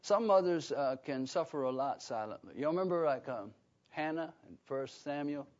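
A man's voice: on the high side, lively intonation, moderate pace. Man preaching with emphatic questions. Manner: emphatic, asks the congregation questions. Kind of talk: sermon. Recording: dull lo-fi recording.

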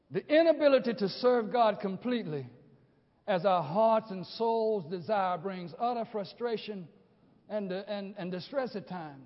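High-voiced older preacher in a reverberant hall. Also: male voice. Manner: swings from hushed low phrases to shouted peaks; repeats phrases and asks the congregation questions. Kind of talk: sermon. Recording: dull recording with long hall reverb.

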